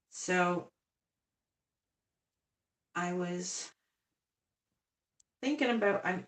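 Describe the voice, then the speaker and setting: A woman in her fifties chatting on a casual live stream at home as she works on dolls. She rambles and laughs often. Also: fairly low pitch. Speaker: doll artist live-streaming. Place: home room. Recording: echoey room, far from the mic.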